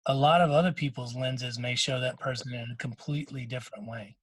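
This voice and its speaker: A middle-aged podcast co-host with a husky, slightly breathy voice at ordinary pitch tells a heartfelt, emotional story in casual chat, using loose, restarting sentences and quoting others in short bursts. His tone is steady, a bit bright and a little fast. The sound is close and dry, with no echo or room around it.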